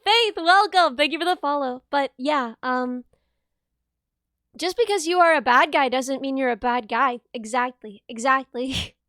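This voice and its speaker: A high-pitched young woman talks casually on her live stream from her bedroom, laughing easily and answering chat as she goes. Her voice sits dry and close, with no room sound around it. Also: unhurried, fairly bright tone, no echo. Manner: giggly, chatty, reads chat aloud. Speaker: livestreamer.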